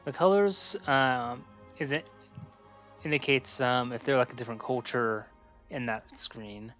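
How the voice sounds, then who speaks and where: A man streaming a game, chatting casually and narrating what he sees with excitement. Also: medium pitch, a little slow, muffled recording, faint music behind. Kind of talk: casual chat while gaming.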